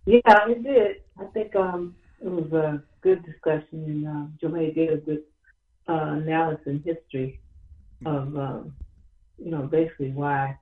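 A man co-hosting a casual talk show, agreeable and relaxed, pausing with ums. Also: on the high side, reverberant, phone-quality sound.

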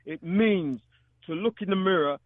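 Guest: high-voiced man, emphatic and preacherly, on a dry, tinny phone line. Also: moderate pace, no echo. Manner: preacherly, emphatic, repeats questions. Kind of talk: call-in discussion.

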